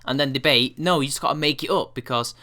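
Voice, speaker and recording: A man's voice: mid-range voice, fast, bright, forceful tone. A man giving response-video commentary, rebutting with scorn and exasperation.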